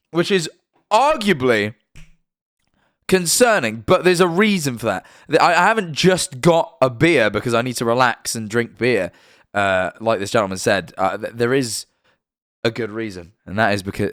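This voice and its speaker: A man's voice: fairly low pitch, a bit bright, clear, resonant tone, no echo, studio quality. A young man with a British accent, chatting casually on a live stream and often correcting himself as he rambles. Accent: British English.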